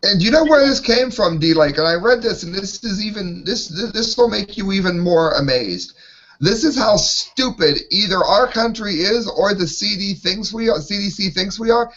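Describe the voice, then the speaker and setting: A man's voice: sits high, lively intonation, normal speed, a bit bright. A man ranting in an exasperated way while co-hosting an opinionated panel talk show, heard over lo-fi online call audio.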